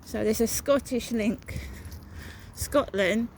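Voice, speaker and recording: A woman's voice: on the high side, slow pace, darkish tone, a little hiss or hum, rough recording. A woman narrating a walking vlog outdoors, talking in a rambling, repetitive, suspicious way. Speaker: vlogger. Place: outdoors, walking through a town.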